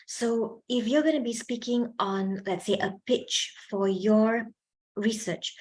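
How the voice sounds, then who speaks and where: Chatty woman giving a workshop. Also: on the high side. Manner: chatty, asks the audience questions, laughs often. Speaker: workshop speaker on public speaking. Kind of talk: lively seminar talk to students.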